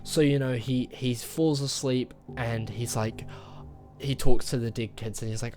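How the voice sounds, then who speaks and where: Man, mid-pitched, casual vlog reviewer; loose rambling delivery with fillers, acts out quotes; faint music bed. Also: fairly even intonation, unhurried, a little mellow. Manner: rambling retelling with many fillers, acting out quoted lines. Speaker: movie reviewer. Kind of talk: casual spoken movie review.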